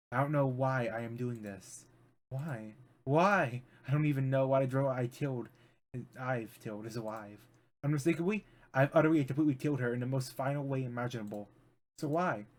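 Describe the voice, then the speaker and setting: A man streaming as a VTuber, reading a visual novel aloud with drama and breaking into rambling asides. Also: mid-range voice.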